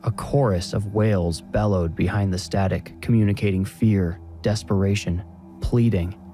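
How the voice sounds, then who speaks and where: Deep, dark-voiced horror narrator. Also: male voice, faint music behind. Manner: measured, even storytelling.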